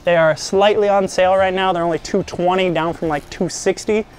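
An upbeat young man with a fairly high voice walks viewers through a product build in a casual vlog. He jokes as he goes and talks straight to the audience, with faint music playing underneath. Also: fairly even intonation, fairly quick. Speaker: host of a scooter shop channel.

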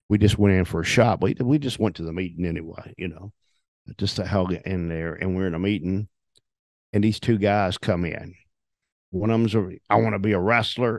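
A retired wrestler, now older, spins salty wrestling yarns as an interview guest in a shoot interview, animatedly acting out quotes between curses. His voice is low. The sound is dry and close.

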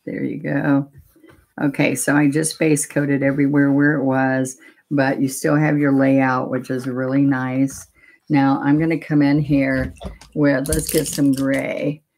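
A woman's voice: very deep voice, flat delivery, unhurried, darkish tone. A woman demonstrating a painting technique live, explaining each step in a chatty, step-by-step way. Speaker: painting instructor.

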